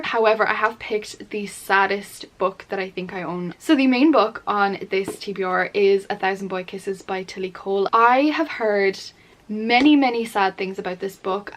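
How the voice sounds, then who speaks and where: A young woman chatting casually as a book vlogger, candid and full of fillers. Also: mid-range voice.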